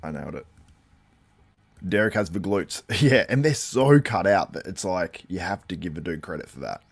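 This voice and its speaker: A man with a notably deep, low voice hosts a live watchalong. He talks in a loose, rambling way, full of fillers, and keeps breaking off to answer viewers' comments. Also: animated, moderate pace, gravelly, husky. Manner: chatty, reacts to viewer comments. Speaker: host.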